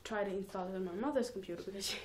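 A woman's voice: medium pitch, racing, slight background noise. A teenage girl rambling casually in a home vlog, giggling and mocking herself between thoughts. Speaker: vlogger.

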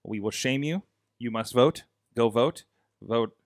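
A middle-aged man hosting a casual tech podcast, joking loosely and filling pauses with lots of uh. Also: mid-range voice, no echo, studio quality. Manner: loose and joking, many uh fillers. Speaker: podcast host. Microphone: studio mic.

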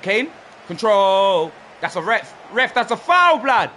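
A young man, reacting loudly to a football video game he is playing, swinging from low muttering to shouting. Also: very animated, takes it slowly, slight background noise. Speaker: gaming streamer. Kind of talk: reactive gameplay commentary.

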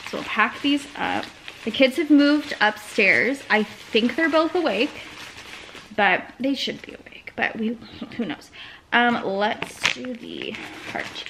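A woman's voice: on the high side, huge pitch swings, takes it slowly, vocal fry, noisy background. A young woman talking casually in a home vlog, rambling with lots of fillers as she talks through her work. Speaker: small business owner and vlogger. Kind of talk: casual chatty vlog narration.

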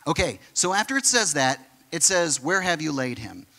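Male pastor, high bright voice, lively conversational sermon delivery. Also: moderate pace. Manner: animated, conversational preaching with acted-out quotes.

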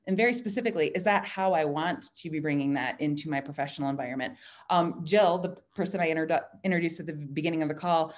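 A woman's voice: deep voice, quick pace. Chatty woman on a video call. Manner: chatty, animated, quoting herself in lively asides. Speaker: design director speaking at a virtual happy hour. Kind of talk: casual talk on leadership.

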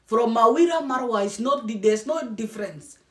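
Scornful woman with a high voice. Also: animated, normal speed, a bit bright. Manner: scornful, scolding, repeats herself for emphasis. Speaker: vlogger. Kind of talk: mocking reaction commentary. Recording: roomy echo.

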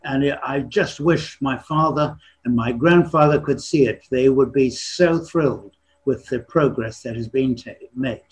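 A man in his eighties giving a slide lecture on history, pausing often and clearing his throat between phrases. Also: medium pitch, low-quality recording. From born in China, raised partly in England. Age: 80s. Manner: frequently clears his throat, halting with restarts. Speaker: retired surgeon giving a history talk.

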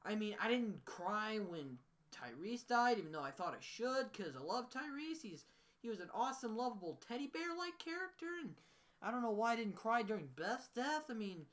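A man's voice: sits high, sing-song, normal speed, a bit bright. A man ranting into his camera for a casual vlog, upset and emotional. He rambles along, cutting himself off and restarting his sentences as he goes. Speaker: vlogger.

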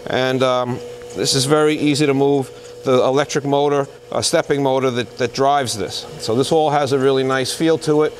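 A man working as a used machinery dealer walks through a machine in an unscripted product demo. He talks in a plain, halting way, pausing with lots of fillers as he goes. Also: mid-range voice, steady tone, a little hiss or hum. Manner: plain-spoken, halting, pauses with many fillers. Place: indoor machinery shop floor.

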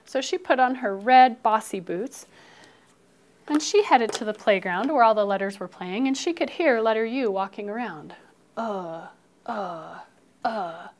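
A woman teacher telling a phonics story to children, expressive and coaxing them to repeat after her. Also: a little high, moderate pace.

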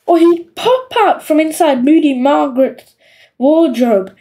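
High-voiced woman narrating a children's audiobook. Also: unhurried. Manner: expressive storytelling.

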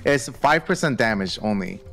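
A man's voice: medium pitch, animated, moderate pace, gravelly, fairly bright tone, soft background music. A man casually explaining game tactics to a friend during an online game. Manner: explains matter-of-factly. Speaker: gaming friend. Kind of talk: casual gaming chat.

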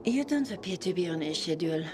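An actress playing a haughty gatekeeper with a French accent who speaks in a clipped, disdainful way. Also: female voice, on the low side, animated, fast, close to an everyday voice. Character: haughty woman guarding her boss.

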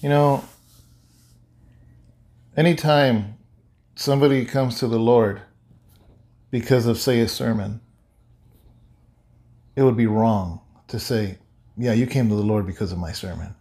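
A male pastor giving an animated, conversational sermon-like talk, often repeating himself. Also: medium pitch, measured pace, pauses often. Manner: animated, repetitive, conversational preaching. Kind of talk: casual sermon-like chat.

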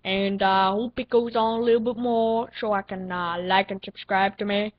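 A young female gaming channel host giving excitable, playful commentary while playing, with silly sound effects. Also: mid-range voice, normal speed. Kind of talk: casual gameplay commentary. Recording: dull lo-fi recording with faint noise.

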